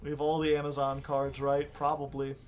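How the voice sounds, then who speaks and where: A man's voice: on the high side, completely flat delivery, brisk. A man streaming live, chatting casually with viewers and mumbling wry asides that often trail off.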